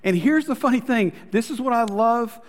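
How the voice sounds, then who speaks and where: A male pastor preaching a story-driven sermon, calling the congregation "guys" and dropping to soft, intimate tones. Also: extremely high pitch, moderate pace, long reverb tail.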